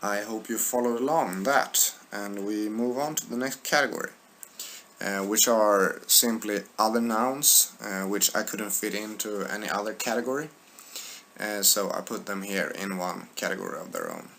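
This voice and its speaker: A man teaching an online language lesson, reading word lists aloud and speaking in a deliberate, hesitant way with many filler sounds. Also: on the low side, a bit bright, a little hiss or hum. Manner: deliberate, hesitant with frequent filler sounds, repeats words for learners.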